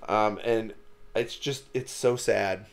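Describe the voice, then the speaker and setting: A man's voice: lowish voice, steady tone, takes it slowly, gravelly. A young man from Wisconsin, co-hosting a podcast and telling stories in casual chat, rambling with lots of "like" and swearing. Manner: rambling storyteller, lots of "like" and cursing. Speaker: podcast co-host.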